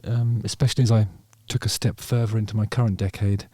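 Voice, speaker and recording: A man's voice: fairly low pitch, little pitch movement, fast, dark tone, dry recording. A man hosting his channel, talking through a song in a rambling, wry way with lots of ums and casual swearing. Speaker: channel host. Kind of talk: casual reaction commentary.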